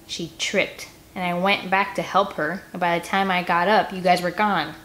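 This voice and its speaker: A woman reading a sulky young boy who answers in a low, flat mutter. He sounds defensive in this storybook reading. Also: normal speed, lightly acted.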